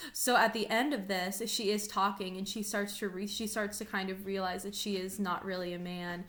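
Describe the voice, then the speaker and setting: A woman's voice: mid-range voice, fairly even intonation, fairly quick, few pauses, fairly bright tone. A woman teacher in a recorded online lesson, explaining a play in a casual way, full of "like" and "um". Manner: casual, paraphrasing with lots of "like" and "um". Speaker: English teacher.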